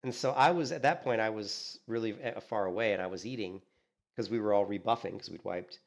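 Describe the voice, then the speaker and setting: A man streaming a game, chatting casually and telling animated stories, acting out what others said and filling in with "you know" and "like". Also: lowish voice, a little fast, gravelly. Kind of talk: casual gaming stream chat.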